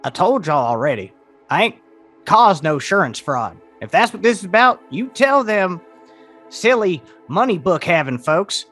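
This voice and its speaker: A brash, evasive dragonborn crook, played by a man at the game table, his voice jumping up and down with every excuse. He speaks high and drawls his slang while brushing off the charges. Faint music plays underneath. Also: very animated, moderate pace, fairly bright tone, full character voice. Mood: defiant. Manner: slangy, drawling, dodging blame. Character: shady male dragonborn swindler, evasive and brash.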